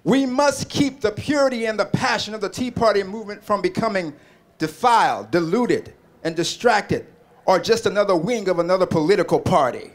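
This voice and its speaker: Speaking at a moderate pace, a man with a high, animated voice delivers an impassioned political rally speech. He builds rhetorical repetitions and leads the crowd in call-and-response chants.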